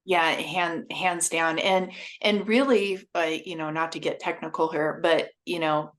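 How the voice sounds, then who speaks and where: A woman with a somewhat low voice speaks as a guest on a casual podcast. She talks about her work in a confident, direct manner. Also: fairly even intonation, unhurried. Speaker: guest consultant. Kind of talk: casual interview chat.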